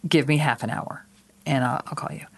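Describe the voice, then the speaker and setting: A woman's voice: very deep voice, fairly even intonation, fairly quick. A woman co-hosting a podcast, telling a rambling story in casual chat, swearing freely and laughing often. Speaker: podcast co-host.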